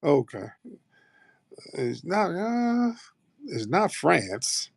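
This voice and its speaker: A man's voice: on the high side, big pitch swings, very slow, vocal fry, breathy edge, no echo, studio quality. A man hosting an online audio show, chatting loosely and playfully with plenty of swearing. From United States. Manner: loose, profane, playful banter. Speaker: host. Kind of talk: casual chat.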